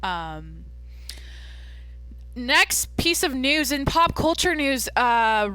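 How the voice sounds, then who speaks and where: A young woman hosts her own podcast in a casual, rambling chat full of fillers and deadpan jokes. Her voice is bright and lively in tone. The recording is dry and close, with no room sound. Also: sits high, very slow, dry recording. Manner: rambling, jokey, lots of "like" and "um"; self-described deadpan. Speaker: podcast host.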